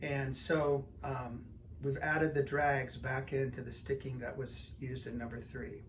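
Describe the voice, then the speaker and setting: An older man teaching drums, explaining patterns in a relaxed way and counting in before he plays. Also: mid-range voice, unhurried, a little hiss or hum. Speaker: drum teacher. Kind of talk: instructional lesson talk.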